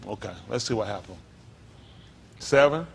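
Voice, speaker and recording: Preaching pastor with speech. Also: male voice, fairly low pitch, expressive, vocal fry, breathy edge. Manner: call-and-response preaching, rising to emphatic exclaims; reads scripture aloud slowly between comments. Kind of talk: sermon.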